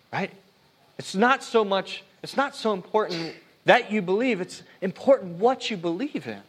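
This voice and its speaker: High-voiced earnest preacher man. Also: animated, normal speed, slight background noise. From United States. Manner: earnest, conversational preaching with frequent restarts. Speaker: pastor. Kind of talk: sermon.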